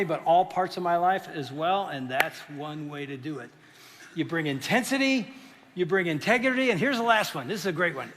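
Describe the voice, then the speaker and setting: A man preaching a sermon as pastor, telling stories with lively acted-out voices. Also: high voice, slight background noise. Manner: animated storytelling, acting out voices. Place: church. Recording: reverberant church hall.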